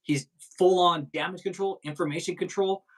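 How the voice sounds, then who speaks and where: A man hosts a live stream in casual commentary. He is profane and combative and rambles freely. His voice sits a little high. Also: fairly even intonation, moderate pace, poor audio. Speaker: stream host.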